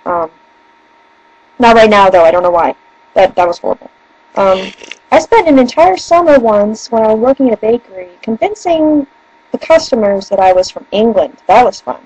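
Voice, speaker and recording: A young woman with a northern US accent chats casually, rambling and giggling as she goes. Her voice sits a little high. The sound is dry, with no room echo. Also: animated, moderate pace, darkish tone, husky. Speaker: vlogger. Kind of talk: casual chat. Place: room at home by a bookshelf.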